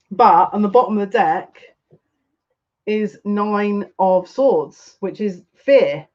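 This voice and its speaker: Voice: medium pitch, takes it slowly, dull audio. A psychic tarot reader giving a live reading, chatty and rambling, who laughs often and repeats phrases.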